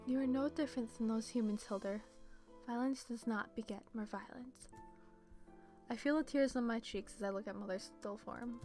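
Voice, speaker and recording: A woman streamer reading a visual novel aloud in first person, with steady storytelling narration and small slips. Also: fairly high pitch, moderate pace, faint music behind. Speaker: let's play streamer.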